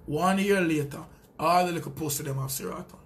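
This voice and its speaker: A Jamaican man with a high-pitched voice delivers a heated callout rant. He speaks as a sound system selector, taunting and boastful, with plenty of profanity. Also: a little fast, a little hiss or hum.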